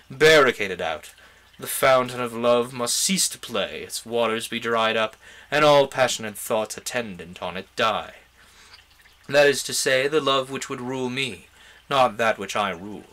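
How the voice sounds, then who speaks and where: A man's voice: mid-range voice, sharp tone. A man reading a novel aloud, voicing an ambitious, haughty young nobleman in a grand, declamatory way.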